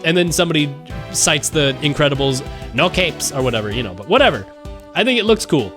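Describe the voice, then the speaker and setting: Young guy streaming, rambly and hyped, higher voice, game music faint behind. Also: fast. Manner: rambling, excitable, lots of fillers. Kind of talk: live game stream commentary.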